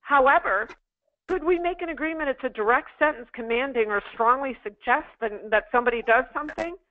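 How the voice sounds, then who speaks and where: A high-voiced woman talking fairly quickly works as a sales trainer, teaching callers in an interactive online class. The tinny, phone-like recording captures her emphatic drills and the phrases she repeats for practice.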